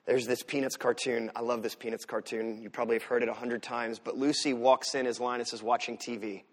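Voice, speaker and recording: A man preaching a sermon as pastor, swinging from loud emphatic lines to soft asides. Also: mid-range voice, fairly quick. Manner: animated preaching, rises loud for emphasis then drops soft.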